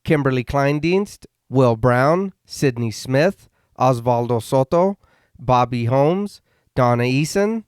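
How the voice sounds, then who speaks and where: A man's voice: medium pitch, lively intonation, slow pace, a little mellow, clean tone, no echo, clean studio sound. A man co-hosting a horror podcast, steadily reading out a long list of supporters' names. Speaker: podcast co-host. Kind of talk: reading a patron thank-you list.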